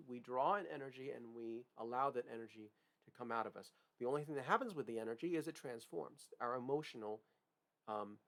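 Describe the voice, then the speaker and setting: Gravelly male music teacher explaining. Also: mid-range voice. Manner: explanatory, frequent "right?" and "okay?" check-ins. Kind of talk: piano lesson demonstration.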